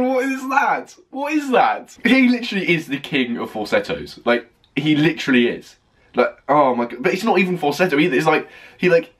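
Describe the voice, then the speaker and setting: A man reacting to an album on a first listen, gushing and excitable, stopping often to rave about what he hears. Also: a little high. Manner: gushing, excitable, full of "oh my God" and "like". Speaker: music reaction vlogger. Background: faint music playing.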